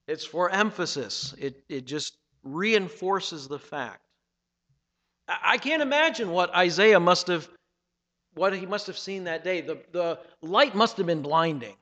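A man preaching a sermon, reading scripture dramatically and swinging between loud passages and hushed ones. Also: sits high, slow, pauses often, in a large hall, dull audio. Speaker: pastor.

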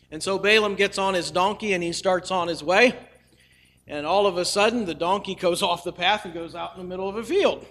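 A male preacher retells a scripture story in a folksy, humorous style. His voice is high and bright, and he tosses in casual asides as he talks. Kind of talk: storytelling sermon.

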